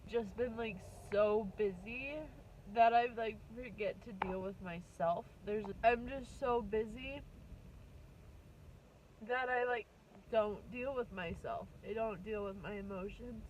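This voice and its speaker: A woman in her twenties venting on a vlog, upset and close to tears, rambling and swearing in halting bursts. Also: fairly high pitch, a little mellow, highs cut off, slight background noise. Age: 20s. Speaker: vlogger.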